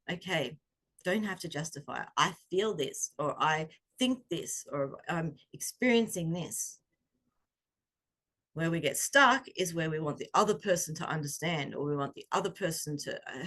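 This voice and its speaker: A middle-aged woman coach giving a reflective talk on intuition, gentle and conversational, often pausing to search for words. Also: low voice, husky. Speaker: self-growth coach.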